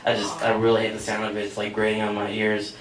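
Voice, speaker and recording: A young stand-up comedian performs a set in a small cafe, speaking quickly in a fairly low, monotone voice. He rambles and mocks himself, using many fillers. The echoey room is captured by a distant mic, with the audience laughing in the background.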